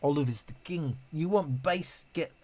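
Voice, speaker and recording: A man's voice: fairly high pitch, normal speed, darkish tone. A British man hosting a casual live stream, reading viewer messages aloud and chatting in a rambling way with many restarts. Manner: self-deprecating, laughs at himself.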